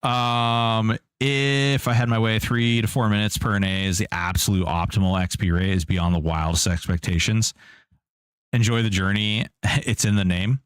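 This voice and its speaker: A man's voice: on the low side, fairly even intonation, moderate pace, fairly bright tone, smooth, no room sound, clean studio sound. A man streaming an online game, chatting casually and joking while answering his chat. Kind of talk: casual live-stream commentary.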